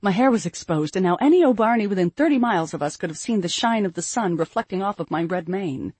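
Female narrator, first-person fantasy, breathy and measured, dry. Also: medium pitch, no echo. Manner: measured, steady storytelling. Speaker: audiobook narrator.

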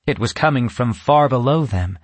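A man narrating a children's storybook in a steady, even reading voice. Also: mid-range voice, normal speed, no room sound.

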